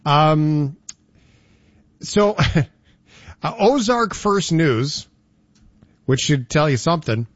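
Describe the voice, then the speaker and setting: A man's voice: fairly high pitch, no room sound, dull audio. A man hosting a radio show, chatting casually and joking with his co-host. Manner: animated, joking, does quick voices in anecdotes. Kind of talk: casual banter.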